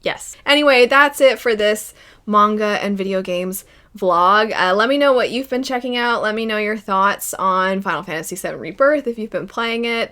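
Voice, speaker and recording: A young woman chatting casually in a vlog, animated and laughing often as she gives her opinions. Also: medium pitch. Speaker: vlogger.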